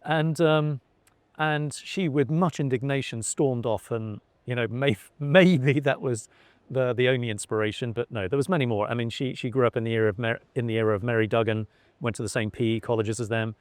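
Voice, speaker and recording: A man's voice: mid-range voice, fairly even intonation, brisk, dry recording. Middle-aged english guy, talks in stops and starts, um and uh a lot, mid voice, dry close mic. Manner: hesitant, many fillers and restarts. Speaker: interviewee, son of a cricketer. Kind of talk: conversational interview.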